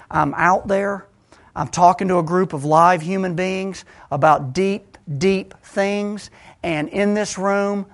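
A man preaching a sermon, swinging dramatically between hushed, low passages and loud ones.

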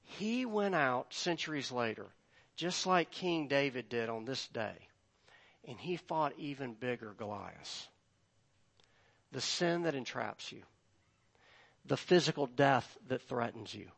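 A man preaching a sermon, slow and emphatic, rising loud when he reads scripture. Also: mid-range voice, gravelly. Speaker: pastor.

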